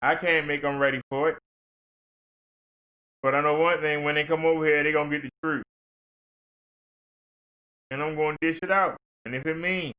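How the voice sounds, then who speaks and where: A man's voice: a little high, pushed and bright. A man ranting on a livestream in a fervent, blunt, preachy way. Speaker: livestream commentator.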